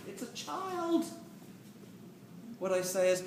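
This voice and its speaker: A man giving a lively, jokey lecture on dog training to a live audience, acting out quotes as he goes. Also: sits high, normal speed, long pauses. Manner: animated, jokey, acts out quotes. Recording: roomy, distant camera mic with hiss.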